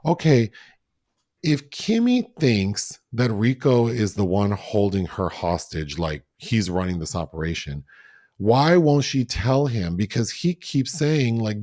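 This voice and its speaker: Man, low voice, dry close mic; animated, profane podcast recapper who acts out scenes. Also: takes it slowly, dry recording. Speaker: podcast co-host. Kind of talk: casual TV recap chat.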